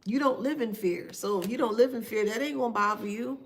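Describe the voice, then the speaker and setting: A woman giving casual spiritual commentary to her viewers, slow and drawn-out, sarcastic and laughing often. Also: on the high side.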